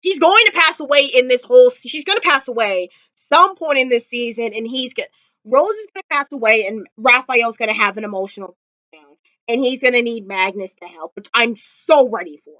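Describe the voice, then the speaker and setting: Woman vlogger, casual gushing fan recap, high voice, dry slightly lo-fi home recording. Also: animated, a little fast, pushed and bright, no echo. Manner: gushing, emotional fan talk with many fillers; close to tears at times. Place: indoors at home.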